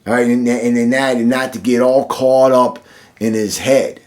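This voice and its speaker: Earnest man giving a slow devotional. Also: medium pitch, steady tone, a little mellow. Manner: earnest, repetitive, building emphasis through repeated phrases; slow, deliberate delivery with frequent restarts. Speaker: devotional speaker. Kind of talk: short devotional sermon.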